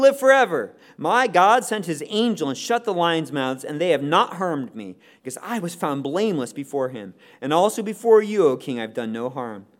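Expressive man reading scripture aloud. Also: on the high side. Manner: reads expressively, breaks in with casual asides; asks the group questions, informal. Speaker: Bible teacher.

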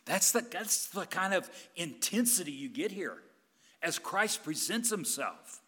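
A man preaching a sermon as pastor, emphatic and intense, swinging between loud and hushed. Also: sits high, big pitch swings, measured pace, slightly rough.

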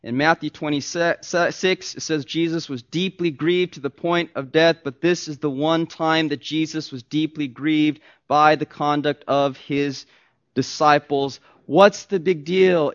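A pastor preaching a sermon, emphatic and swinging from soft asides to loud stressed points. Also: male voice, fairly high pitch, fairly even intonation, a little slow. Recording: dull lo-fi recording.

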